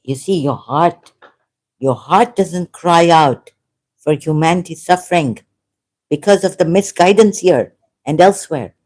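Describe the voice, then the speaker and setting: A woman's voice: lowish voice, measured pace, darkish tone. A woman talking in an unscripted monologue as an online commentator, impassioned and rambling, often repeating herself.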